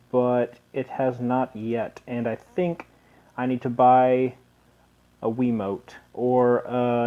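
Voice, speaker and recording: Rambling man narrating gameplay. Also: mid-range voice. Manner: rambling, hesitant, chuckling. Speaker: let's play host. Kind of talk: casual gameplay commentary. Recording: dull lo-fi recording.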